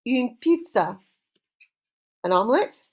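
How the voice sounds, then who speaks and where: A woman teaches French vocabulary to students watching a recording, her pitch lively and rising and falling. She says each word slowly, leaves room for the class to repeat it, and praises them cheerfully. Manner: slow call-and-repeat drilling with cheerful praise. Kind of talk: recorded online language lesson.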